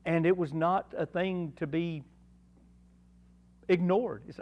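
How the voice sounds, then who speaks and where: A man's voice: on the high side, slow, pauses often, muffled recording. A man with an East Tennessee accent teaching a Bible lesson at church, earnest and folksy, full of rhetorical questions. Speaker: Sunday school teacher. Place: church classroom.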